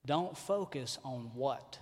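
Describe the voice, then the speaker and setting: A pastor with a Southern US accent preaching a sermon in a church. He swings from fiery shouting to quiet, joking asides. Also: mid-range voice, expressive, takes it slowly, slightly rough. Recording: echoey large hall.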